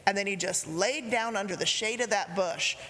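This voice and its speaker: A woman preaching a sermon, retelling a story in a gentle way, with quoted lines spoken softly. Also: medium pitch, moderate pace. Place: church sanctuary. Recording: reverberant church hall.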